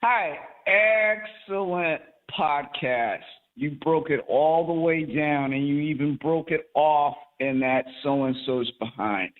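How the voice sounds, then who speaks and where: A woman calling in to a live show, making her point in a deliberate, emphatic way and leaning on key words. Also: deep voice. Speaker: caller. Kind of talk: call-in comment. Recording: tinny phone line.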